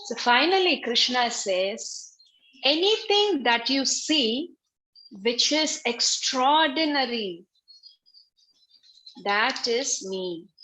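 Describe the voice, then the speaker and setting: Slow, bright-voiced woman teaching. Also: on the high side, lively intonation, rough recording. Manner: slow, repetitive, patient explaining. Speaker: spiritual teacher. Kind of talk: religious class over video call. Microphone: video call.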